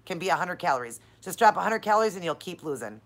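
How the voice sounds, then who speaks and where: A woman's voice: fairly low pitch, sing-song, fast. Effusive, encouraging woman hosting a live chat. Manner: talks straight to viewers, calling them "you guys" and "honey". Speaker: channel host answering live viewer questions.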